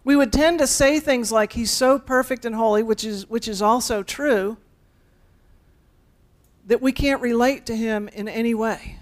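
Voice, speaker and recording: A woman's voice: a little high, measured pace. A woman pastor delivering a conversational sermon, speaking directly to her congregation with playful asides.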